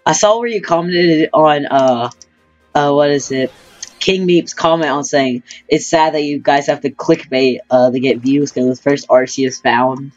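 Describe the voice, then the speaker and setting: A teenage boy with a slightly slow, higher voice that cracks often jokes and trash-talks with a friend while they play a game. The recording is muffled, with faint music in the background.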